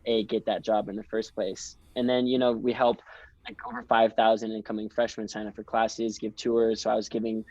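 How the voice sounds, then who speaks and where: A young man with a fairly low voice tells stories eagerly and casually, as a podcast guest. The sound is dry and close, with a dull, slightly lo-fi tone. His delivery is chatty and enthusiastic. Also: flat delivery, fairly quick, darkish tone, no room sound. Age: young adult. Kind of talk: casual storytelling interview.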